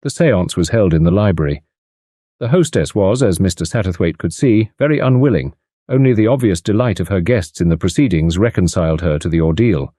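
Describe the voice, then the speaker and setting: Male narrator, expressive scripted reading, low and dry. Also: a little fast, no room sound. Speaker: audiobook narrator. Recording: dry close studio sound.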